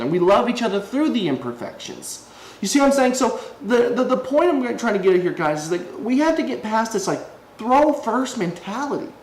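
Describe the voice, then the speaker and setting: A man giving a casual devotional video talk as an online preacher. He rambles in a conversational way, restarts often and acts out quoted voices. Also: sits high. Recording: echoey room with faint ambient noise.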